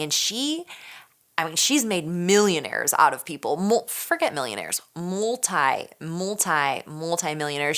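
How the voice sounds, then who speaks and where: Low-voiced woman sharing a candid story. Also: a bit bright. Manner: candid, casual, swears freely. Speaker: vlogger. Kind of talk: personal storytelling vlog.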